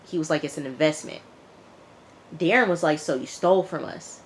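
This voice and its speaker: A woman casually recapping a TV episode, chatty and animated, acting out the characters' lines as she tells it. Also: sits low, normal speed, slight background noise. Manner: chatty, animated retelling with quoted dialogue. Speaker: TV show reviewer.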